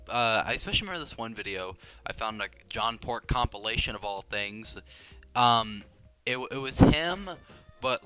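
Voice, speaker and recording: A man's voice: medium pitch, bright, forceful tone. A young man giving casual gameplay commentary, rambling and self-deprecating, with frequent restarts and tangents. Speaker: gaming video creator.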